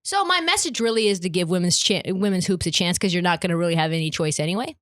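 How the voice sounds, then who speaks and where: A woman's voice: lowish voice, lively intonation, fast, a bit bright. A young woman hosting a sports podcast, ranting in an emphatic, profane, opinionated way. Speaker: podcast host.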